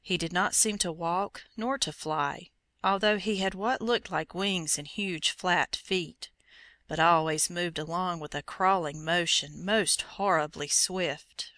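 A woman reading an old fairy tale aloud in a measured, expressive storytelling manner. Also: fairly low pitch, dry recording. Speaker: narrator.

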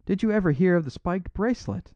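Male reader as a swaggering thief, loud and threatening, lively pitch, dry dull sound. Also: fast talker, no echo. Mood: intense threatening. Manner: intense, blustering, threatening. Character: bold, swaggering master thief, forceful and menacing.

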